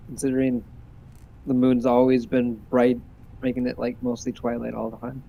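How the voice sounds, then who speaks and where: A man playing in a tabletop game, musing in a relaxed way. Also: mid-range voice, moderate pace, vocal fry, muffled recording. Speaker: player.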